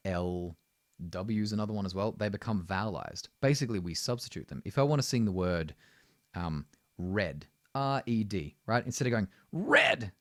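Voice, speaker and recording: A man's voice: deep voice, dry recording, clean studio sound. A man teaching singing, explaining technique and often checking in with "right?". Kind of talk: vocal lesson.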